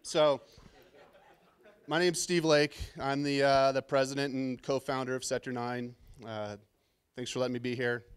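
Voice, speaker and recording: A man's voice: mid-range voice, level tone, moderate pace, clear, resonant tone. Nervous joking man giving a keynote. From Southern California. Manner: nervous, self-deprecating, joking. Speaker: conference keynote speaker. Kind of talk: casual storytelling keynote talk. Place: conference stage.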